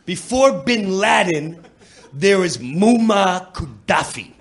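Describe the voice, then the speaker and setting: A middle-aged man from New York telling a stand-up story on stage, animated and quick to slip into voices. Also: sits high, creaky. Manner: animated, jumps into voices, laughing asides. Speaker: comedian. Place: comedy club stage.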